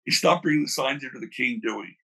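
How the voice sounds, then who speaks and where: An older man, a former wrestling promoter, telling animated stories in a casual interview, acting out the people he quotes. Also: mid-range voice, fast talker, gravelly, slightly rough. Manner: animated storyteller, acts out quoted voices.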